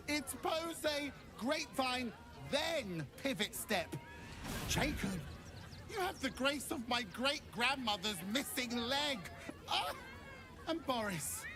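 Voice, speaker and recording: A man's voice: extremely high pitch, animated, takes it slowly, music in the background, exaggerated voice. A man voicing a theatrical male ringmaster necromancer in a game, drawling and dramatic. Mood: scolding.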